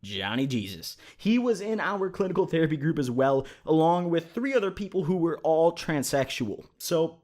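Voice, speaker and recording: A man's voice: on the high side, big pitch swings, moderate pace, hardly any pauses, a little mellow. Profane young man telling stories. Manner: profane, joking storyteller. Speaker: YouTuber. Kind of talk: casual storytelling vlog.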